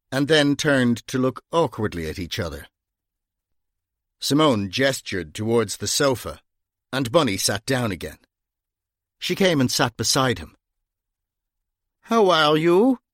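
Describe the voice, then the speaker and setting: A man reading a novel aloud in a measured, wry storytelling manner. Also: medium pitch, expressive, no echo, clean studio sound. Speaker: audiobook narrator. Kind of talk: scripted narration.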